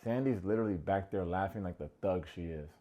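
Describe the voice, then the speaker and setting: A man hosting a comedic TV recap, sarcastic and quick to mock. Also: mellow, muffled recording. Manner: sarcastic, acts out quotes in high mocking voices. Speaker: recap show host.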